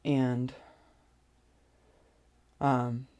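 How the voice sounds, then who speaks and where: A vlogger telling a personal story in a hesitant way, with many pauses and restarts. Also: medium pitch, little pitch movement, darkish tone.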